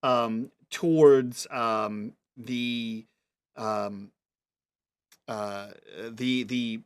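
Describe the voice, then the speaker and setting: Man, game master, tabletop game narration, halting. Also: medium pitch, fairly even intonation, smooth. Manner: halting, full of fillers and restarts.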